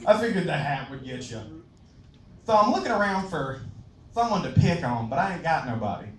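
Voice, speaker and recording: A man's voice: on the high side, expressive, brisk, a little hiss or hum. Crude young Southern guy doing stand-up. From Louisiana. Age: young adult. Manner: crude, self-mocking, laughing at his own jokes. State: out of breath. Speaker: stand-up comedian. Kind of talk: open-mic stand-up set. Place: comedy club stage. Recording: echoey club from a distance.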